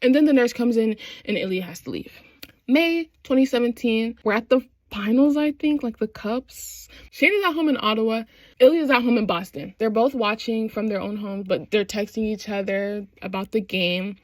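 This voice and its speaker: A young woman recaps a show in a lively, slangy rush, slipping into quick impressions of the characters. Her voice sits a little high. The sound is close and dry, with no room around it. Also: no echo. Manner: animated, slangy retelling with quoted voices. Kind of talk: casual chat.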